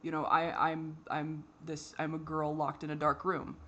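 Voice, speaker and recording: A woman with a somewhat low voice talks straight to camera in a candid vlog monologue. She speaks haltingly and sounds frustrated, restarting her sentences and leaning on fillers. Now and then she swears out of exasperation. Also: flat delivery, fairly bright tone, a little hiss or hum. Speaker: vlogger.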